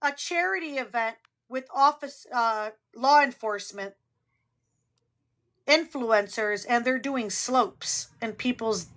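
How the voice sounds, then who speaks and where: A woman's voice: on the high side, slow, fairly bright tone. A woman hosting a live stream, who cuts in with emphatic, indignant comments.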